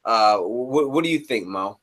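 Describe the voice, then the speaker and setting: A man hosting a casual live podcast chat, animated and teasing, cursing freely as he moderates the guests. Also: mid-range voice, measured pace. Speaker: host.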